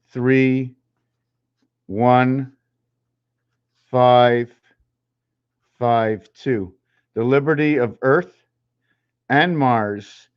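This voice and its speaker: Halting, musing man on a dull recording. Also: mid-range voice, smooth. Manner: musing, halting, spells and counts aloud. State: a little out of breath. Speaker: channel host. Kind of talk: rambling numerology talk while drawing.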